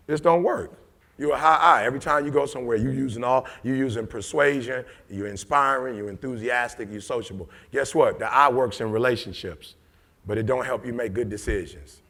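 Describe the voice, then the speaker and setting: A middle-aged man, giving an emotional, preacher-like motivational talk that swings from loud to low. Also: vocal fry. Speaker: motivational speaker.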